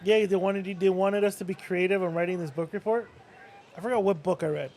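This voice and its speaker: A man's voice: sits high, steady tone, darkish tone. A younger man co-hosting a casual movie watch-along, joking and swearing freely. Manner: fast, joking, swears a lot. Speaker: podcast co-host.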